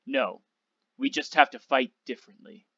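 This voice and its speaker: A clipped, commanding old flight instructor with a sarcastic edge, voiced by a man reading aloud. His voice sits at an ordinary middle pitch. The recording is dull and dry, with no room sound. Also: wildly swooping pitch, moderate pace, creaky, pushed and bright, dry recording, full character voice. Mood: instructing.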